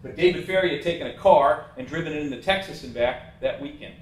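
A man presents over a slideshow, giving a casual, blunt, opinionated talk in a fairly high voice at a quick pace. The room is echoey, the mic sits at a distance, and there is a little hiss or hum.

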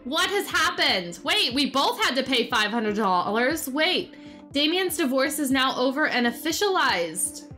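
Very animated and sharp-toned, this young woman's high voice keeps a measured pace, with faint music playing behind her. She's a gaming YouTuber narrating a relaxed let's-play, exclaiming and talking directly to the characters in her game.

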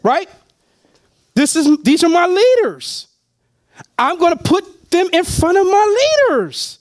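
A high-voiced man works a room full of listeners, his pitch leaping up and down as he sells them on a business. He talks in a loud, animated way, keeps calling out to the audience, and laughs often as he goes. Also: takes it slowly, long pauses. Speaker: motivational speaker at a business opportunity meeting. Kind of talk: energetic live sales pitch. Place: meeting room with a live audience.

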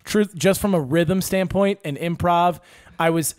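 This young podcast host, a Wisconsin stand-up comic, has a high-sitting voice and speaks at a measured pace in studio-quality audio with no room sound. His casual chat is filled with animated, profane, wandering tales.

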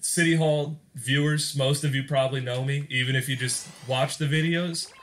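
A man's voice: medium pitch, fairly even intonation, moderate pace, fairly bright tone. A young man hosting a gaming channel, giving casual gameplay commentary in a rambling, joking way and often laughing mid-sentence.

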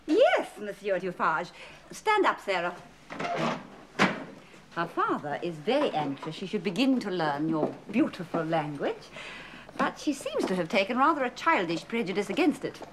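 A middle-aged actress playing a strict, cold headmistress who gives clipped, commanding orders, on a hissy old VHS recording. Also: female voice, medium pitch, big pitch swings, normal speed, natural voice. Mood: stern.

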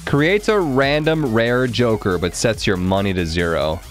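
A man's voice: medium pitch, measured pace, music in the background. A man from Arkansas streaming a card game, chatting to his viewers in a wry, profane way. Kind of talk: casual live-stream game commentary.

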